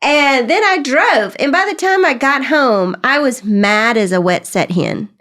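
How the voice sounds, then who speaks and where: A middle-aged woman, hosting a podcast and telling a story in a candid, conversational way. She is animated, laughs often and acts out bits of dialogue. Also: high-pitched, a little slow. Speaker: podcast host.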